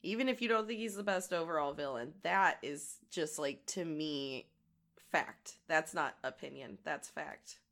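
A woman with a gravelly voice today, chatting casually and rambling as she crafts. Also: deep voice, a little slow, a bit bright. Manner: rambling and chatty, many fillers. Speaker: audio creator and crafting vlogger. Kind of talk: casual chat while crafting.

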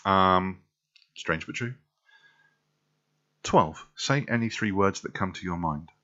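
Deep-voiced, well-spoken Englishman. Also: slow, bright, forceful tone, muffled recording. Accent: well-spoken southern English. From North London, England. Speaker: vlogger doing an accent tag. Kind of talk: casual talk to camera, reading a word list.

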